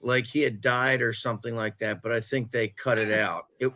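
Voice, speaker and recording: A man's voice: medium pitch, fairly even intonation, moderate pace, pushed and bright. A man on a casual film podcast, recalling details tentatively. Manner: tentative, recalls things half-sure. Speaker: podcast panelist.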